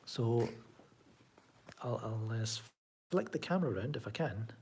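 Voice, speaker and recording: His mid-range voice carries lively intonation, vocal fry, a darkish tone and a breathy edge, delivered at a moderate pace. A man from Scotland with a Glaswegian accent, he chats casually on a live stream from his home room, sardonic and rambling, reading out and answering chat.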